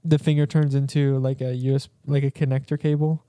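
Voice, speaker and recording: A man's voice: mid-range voice, little pitch movement, fairly quick, mellow, dry recording, clean studio sound. A man co-hosting a podcast in casual chat, rambling and joking with frequent laughs. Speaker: podcast co-host.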